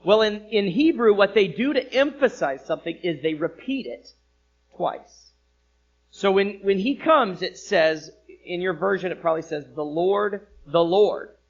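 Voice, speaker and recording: A man preaching a sermon as pastor, with expressive delivery that rises for emphasis and drops low. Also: unhurried, muffled recording. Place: church sanctuary.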